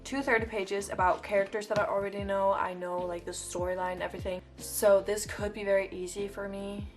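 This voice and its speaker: An eighteen-year-old woman from Denmark chats to her camera about reading, her talk loose and full of fillers and restarts. Her voice sits at an ordinary middle pitch for a woman. Soft music plays faintly behind her. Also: flat delivery, a little fast. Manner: chatty, rambling with many likes and restarts. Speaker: book vlogger. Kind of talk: casual vlog chat.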